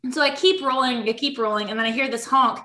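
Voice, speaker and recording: A woman's voice: on the high side, fairly even intonation, quick pace, sharp tone, roomy sound. A woman telling a story in casual chat, rambling with lots of "like" and "you know".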